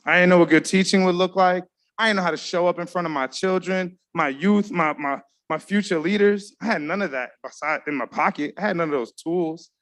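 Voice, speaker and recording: A man's voice: high voice, fairly quick, fairly bright tone. A man giving an emotional, earnest award speech from an awards ceremony stage, talking straight to the crowd. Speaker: award presenter.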